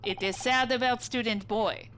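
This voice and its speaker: A woman voicing a rude, gruff male ship's guard who speaks broken English, recorded with background noise. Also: on the high side, normal speed, fairly bright tone. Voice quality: broken English, blunt and hostile.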